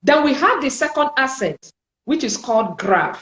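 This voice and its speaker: Echoey, higher-voiced woman teaching French. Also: lively intonation, fairly bright tone. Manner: slow, deliberate, repeats each sound for learners. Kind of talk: spoken language lesson.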